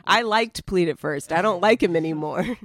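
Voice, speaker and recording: A woman's voice: fairly low pitch, moderate pace, no room sound, studio quality. A woman co-hosting a podcast, speaking candidly and emotionally in casual conversation, pushing back at times. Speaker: podcast co-host.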